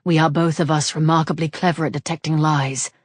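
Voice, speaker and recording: Measured gentleman hero, guarded but tender, as a woman narrator reads him. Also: low voice, fairly even intonation, no room sound, clean studio sound. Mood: wry.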